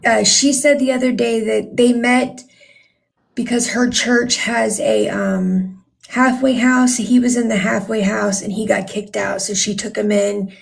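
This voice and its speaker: Brief: indignant woman guest on a livestream, raspy fry in a higher voice, rambling delivery. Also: unhurried. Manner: indignant, rambling, frequent ums. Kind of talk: casual livestream talk.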